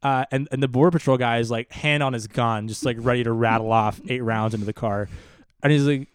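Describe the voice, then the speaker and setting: A man co-hosts a casual podcast, spinning a long story with lots of stammering restarts and growing animation. His voice is smooth and resonant, and the recording is close and very dry. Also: medium pitch, steady tone, a little fast, no echo. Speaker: podcast co-host.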